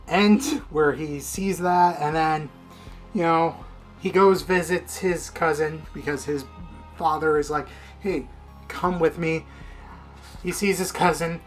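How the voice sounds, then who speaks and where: A young man giving a casual, rambling video review of a manga, swearing constantly and getting worked up as he retells the story. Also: fairly high pitch.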